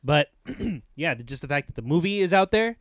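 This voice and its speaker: A man co-hosting a casual podcast, relaxed and making wry asides. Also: on the high side, normal speed, dry recording, studio quality. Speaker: podcast co-host.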